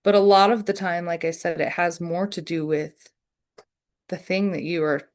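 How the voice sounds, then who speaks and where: A woman leading an online poetry workshop, answering questions slowly and thoughtfully with many fillers. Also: fairly low pitch, steady tone.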